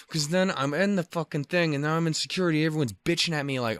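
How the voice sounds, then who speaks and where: A young man rants through a travel story on his own podcast, swearing freely and restarting his sentences. His voice sits a little high for a man, and the recording is close and dry, with no room sound. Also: lively intonation, fast talker, few pauses, fairly bright tone, no room sound. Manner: profane, exasperated storytelling with many restarts. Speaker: podcast host. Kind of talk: solo podcast ranting.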